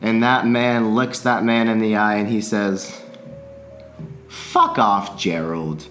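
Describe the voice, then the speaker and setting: A man's voice: on the low side, level tone, measured pace, soft background music. A man telling a long story in a casual podcast chat, swearing freely and laughing often. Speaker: podcast guest, musician.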